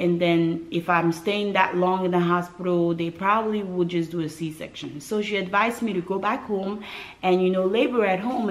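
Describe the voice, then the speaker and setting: A woman from West Africa recounts her birth story straight to camera in a relaxed vlog style. She tells it dramatically, with asides to her viewers along the way. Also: fairly low pitch, rough recording. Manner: animated, dramatic retelling with acted quotes and asides to viewers.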